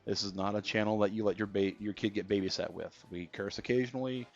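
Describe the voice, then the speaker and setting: Male streamer, low-pitched, easygoing chat over gameplay; dull stream audio. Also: fairly even intonation, fast. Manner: chatty, reads out viewer comments. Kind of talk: casual gameplay commentary.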